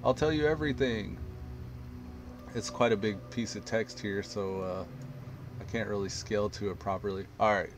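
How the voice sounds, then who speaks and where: A man giving casual gameplay commentary with relaxed, joking, low-key asides. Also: normal speed, music in the background. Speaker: gameplay streamer.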